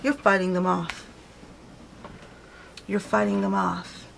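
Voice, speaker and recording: A woman's voice: medium pitch, level tone, takes it slowly, creaky, a little hiss or hum. A woman giving a casual tarot reading to her viewers, chatty and thinking aloud as she goes, often correcting herself. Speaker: tarot reader.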